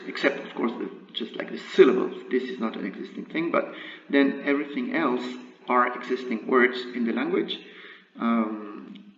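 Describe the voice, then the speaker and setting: A man teaching Arabic letters in a recorded lesson, patiently drilling syllables one by one with frequent pauses and uhs. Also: mid-range voice, slight background noise. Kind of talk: screen-recorded language lesson. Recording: echoey, distant, dull lo-fi room mic.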